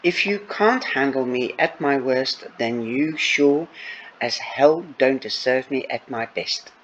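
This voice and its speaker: Man playing a bubbly giggling teenage girl, raised voice, slow, dull lo-fi audiobook recording with faint hiss. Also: mid-range voice, fairly bright tone. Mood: sarcastic quoting. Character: giggly teenage girl, Fiona, joking with friend.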